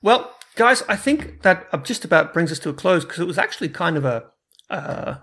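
A man's voice: sits high, big pitch swings, brisk, bright, forceful tone, breathy edge. A man hosting a gaming podcast, chatting casually with restarts and stammers. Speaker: podcast host. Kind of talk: casual chat.

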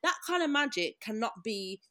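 Animated young woman, dry sound. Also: on the high side, moderate pace, no room sound. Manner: animated storyteller, slangy, acts out quotes. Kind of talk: casual chat.

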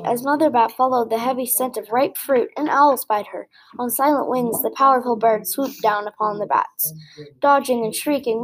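High-voiced woman reading a storybook. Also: rough recording. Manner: gentle expressive read-aloud with small slips. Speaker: storybook reader. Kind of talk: reading a picture book aloud.

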